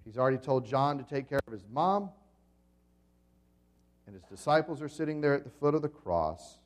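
A man's voice: mid-range voice, animated, moderate pace. Man preaching with dramatic storytelling. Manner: dramatic storytelling with swings in volume; asks the congregation questions. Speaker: pastor. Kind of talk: sermon.

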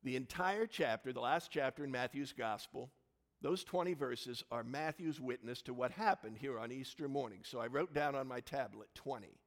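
A male pastor preaches from his church, telling stories with sudden loud exclamations. His voice sits at a middle pitch with a gravelly, creaky texture. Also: normal speed, in a large hall. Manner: warm storytelling with lively swings into loud exclamations. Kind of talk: sermon.

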